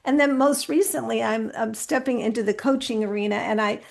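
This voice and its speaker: A woman who usually hosts a podcast answers questions in a relaxed, casual chat. She sounds earnest and animated and often restarts her sentences. Her voice sits fairly high with a gravelly, fry-laden texture. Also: brisk. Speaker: podcast host interviewed as guest. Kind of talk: casual conversational interview.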